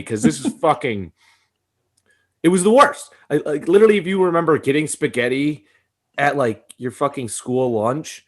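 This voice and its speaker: A man's voice: a little high, animated, a little fast. A young man co-hosting a podcast in casual chat, ranting animatedly and swearing often, with frequent laughter. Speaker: podcast co-host.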